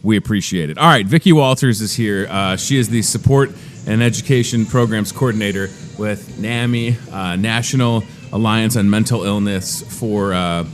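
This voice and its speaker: A man's voice: on the low side, moderate pace, soft background music. A man in his thirties hosting a live store segment, chatty and joking about himself as he talks with a guest. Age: 30s. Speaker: host. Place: inside a grocery store.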